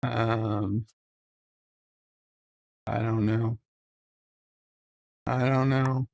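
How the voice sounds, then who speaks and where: Male host streaming a strategy game; slow, higher-pitched, vocal reactions. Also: fairly bright tone, faint music behind. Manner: exclaiming and grumbling at the game. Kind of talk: live game commentary.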